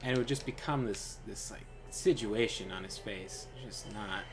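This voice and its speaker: Over music, a young streamer with a fairly low voice and moderate pace chats casually while gaming, spinning a rambling tale. It's animated and full of fillers, with quoted lines delivered in different voices.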